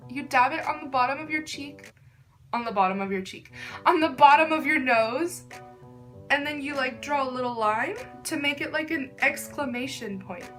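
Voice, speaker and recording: Her voice sits high, and her tone is bright and forceful. This young beauty vlogger talks casually through a makeup tutorial, gushing and peppering everything with "like."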